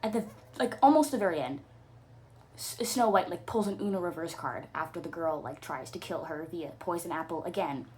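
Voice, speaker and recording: A woman's voice: lowish voice, lively intonation, moderate pace, darkish tone, a little hiss or hum. A woman hosting a podcast, ranting about a book in a casual, profane and sarcastic way. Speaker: podcast host. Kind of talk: casual book-review rant.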